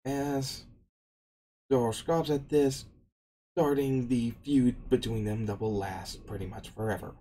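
Slow, dark-voiced man recapping an anime. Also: medium pitch, steady tone, slight background noise, poor audio. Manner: meandering, frequent restarts. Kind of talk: casual retelling narration.

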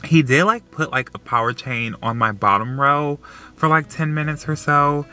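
A man's voice: a little high, normal speed, soft background music. A man vlogging in a casual, emotional way, packing nearly every phrase with "like.". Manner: filler-heavy, says "like" constantly; excitable and emotional. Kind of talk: casual vlog chat.

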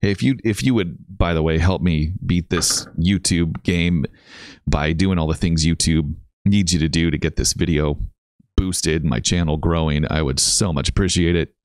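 A man hosting a casual reaction video, talking in an excitable, incredulous way and laughing often. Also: low voice, normal speed, dry recording, studio quality. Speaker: YouTube reaction host.

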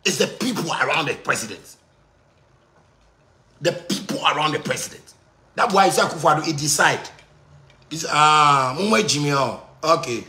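A man in his thirties with a Ghanaian Pidgin English accent, delivering a loud, excitable rant that keeps circling back on itself. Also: on the high side, normal speed, long pauses, echoey room. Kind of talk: heated rant.

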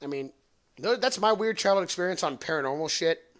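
Young guy on a podcast rambling thru a story, swears a lot, kinda high voice. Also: lively intonation, a little fast, fairly bright tone. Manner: rambling, profane, laughs at own jokes. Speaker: podcast host. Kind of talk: casual storytelling.

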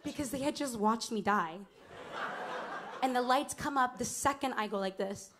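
A woman in her twenties telling a lively, laughing stage story between songs at a small club, acting out other people's lines. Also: fairly high pitch, moderate pace, background noise. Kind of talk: onstage storytelling banter. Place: small live music club.

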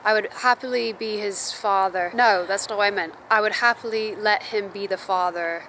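A woman's voice: medium pitch, fairly even intonation, moderate pace, bright, forceful tone, a little hiss or hum, rough recording. A woman in her twenties chatting casually to camera, bubbly and rambling. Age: 20s. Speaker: vlogger. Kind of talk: casual vlog chat.

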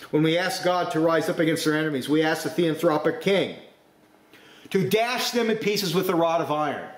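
A male preacher delivering a forceful sermon, his voice sitting a little high for a man. He rises sharply in pitch to drive points home. The sound carries noticeable room echo. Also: animated, moderate pace.

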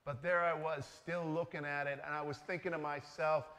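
A man preaching a sermon as a priest, telling stories in a relaxed, conversational way. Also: on the high side, moderate pace. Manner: conversational storytelling, animated. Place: church sanctuary. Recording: reverberant church hall.

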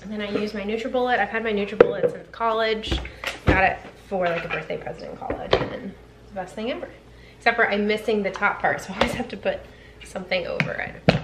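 A young woman in her twenties chatting casually in a home vlog, rambling with fillers, and switching to a high sing-song voice to call her dogs. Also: quick pace, very noisy. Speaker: vlogger.

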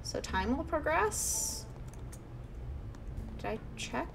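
A woman's voice: high voice, very animated, slow pace, gravelly, noisy background. A young woman giving casual gameplay commentary, chatty and often talking under her breath. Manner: chatty, reacts aloud, often hushed. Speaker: let's play host.

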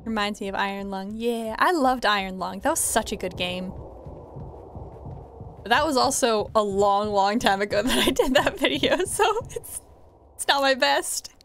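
A woman giving casual let's play commentary, chatty and laughing, often yelling profanities at characters. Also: fairly high pitch, normal speed, a little hiss or hum. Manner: profane, yells at game characters. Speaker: gamer.

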